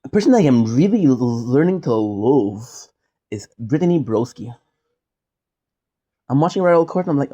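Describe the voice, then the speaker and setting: A man's voice: mid-range voice, very animated, normal speed, pauses often, mellow, breathy edge, lo-fi sound. A man from Quebec, chatting casually and jokingly, drifting off on side tangents as a streamer. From Quebec, Canada. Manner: rambling, jokey, goes off on side tangents. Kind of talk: casual rambling monologue.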